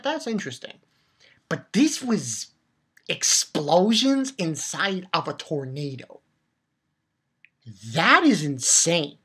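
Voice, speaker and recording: A woman giving an excited, rambling recap of a manga chapter, swearing freely and restarting her sentences. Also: medium pitch, slightly rough. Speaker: manga reviewer.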